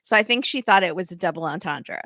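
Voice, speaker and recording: A woman guest chatting casually on a podcast, retelling a show in an animated way into a handheld microphone. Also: fairly low pitch, fast talker, no room sound, studio quality. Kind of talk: casual chat recapping a show.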